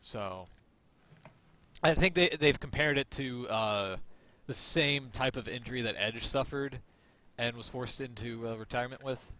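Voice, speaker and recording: A man hosting a casual podcast chat, excitable and stammering over his words. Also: medium pitch, measured pace. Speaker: podcast host.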